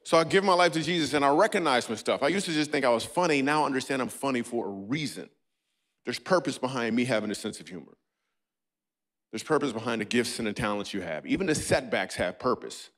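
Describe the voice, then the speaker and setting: A man's voice: expressive, fast, a bit bright. Playful man doing stand-up. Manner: playful, riffing with the audience, breaks into squeaky and goofy voices. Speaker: comedian. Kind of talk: stand-up comedy set in a church. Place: church stage before a live audience.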